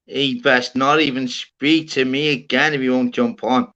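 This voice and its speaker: A man's voice: medium pitch, steady tone, measured pace, sharp tone, muffled recording. A man hosting a livestream, trading jokey, self-mocking banter in casual chat. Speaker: livestream host.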